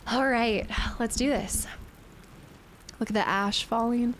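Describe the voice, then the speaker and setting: A playful woman streamer chats casually over her game, thinking aloud and responding to viewers. Her voice sits a bit high, and a faint hiss stays in the background. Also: steady tone, slow. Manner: chatty and playful, thinking aloud, reading chat and thanking viewers. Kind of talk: casual gameplay commentary.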